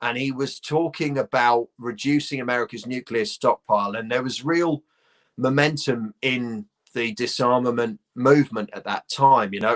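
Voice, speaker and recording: A middle-aged man with a posh southern English accent spins comic anecdotes as a guest in a relaxed chat. His voice sits at an ordinary pitch. He swears easily and laughs mid-sentence as the story builds. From London. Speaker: guest comedian. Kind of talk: casual chat, telling anecdotes.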